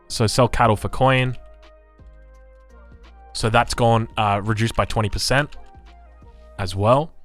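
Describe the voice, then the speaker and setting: An Australian man streaming live, reading game patch notes and chatting with his chat in an animated, chuckling way. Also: mid-range voice. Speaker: gaming streamer.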